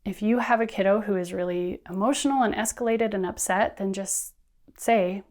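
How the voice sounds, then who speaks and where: A woman teacher trainer giving friendly, brisk instructional talk, often acting out what students and teachers say. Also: medium pitch, a little mellow. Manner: friendly, brisk, acts out classroom quotes.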